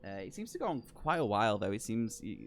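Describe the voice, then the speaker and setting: A man narrating a tabletop horror game as game master, casual and hesitant, with many pauses and ums. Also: lowish voice, sing-song, a little hiss or hum.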